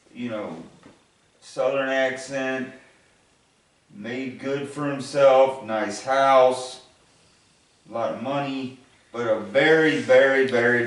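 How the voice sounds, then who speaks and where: A man from Ohio telling a rambling anecdote in a casual chat, acting out what other people said. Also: medium pitch. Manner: rambling anecdotes with acted-out quotes. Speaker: show regular answering questions. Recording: very echoey, from far off the mic.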